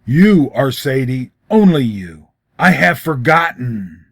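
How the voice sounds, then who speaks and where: A man's voice: mid-range voice, sing-song, takes it slowly, vocal fry, fairly bright tone, no echo, clean studio sound, exaggerated voice. A man playing a torn, desperate young man. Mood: dazed. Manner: pleading, crying out.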